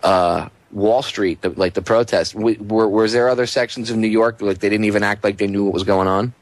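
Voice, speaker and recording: A man's voice: lowish voice, fairly even intonation, fairly quick, no echo. A man guest-hosting a talk radio show, chatty and joking with his caller. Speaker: guest host.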